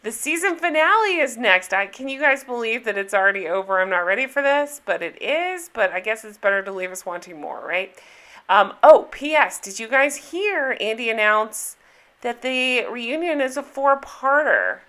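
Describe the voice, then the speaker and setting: Bright-voiced, chatty, sarcastic woman. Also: on the high side, lively intonation, moderate pace. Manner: chatty and sarcastic, with frequent laughs. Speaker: reality TV recap host. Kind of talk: casual chat.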